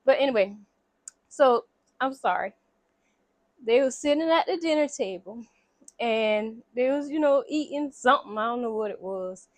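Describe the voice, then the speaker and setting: High-voiced woman casually retelling a story. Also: normal speed, long pauses, no echo. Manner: animated, acts out characters' lines with voices. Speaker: vlogger recapping a movie. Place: home room near a window.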